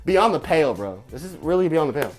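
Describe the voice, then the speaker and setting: Guy yelling and cussing on his livestream, lots of "where's my" questions, music faint behind. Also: fairly high pitch, sing-song, fast talker. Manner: profane, shouting, repetitive rhetorical questions. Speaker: live stream host. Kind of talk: angry political rant on a live stream.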